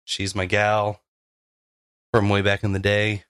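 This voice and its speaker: A man's voice: lowish voice, completely flat delivery, slow, fairly bright tone, smooth, no room sound, studio quality. A young man co-hosting a podcast in loose casual chat, rambling with lots of fillers and laughs. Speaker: podcast co-host.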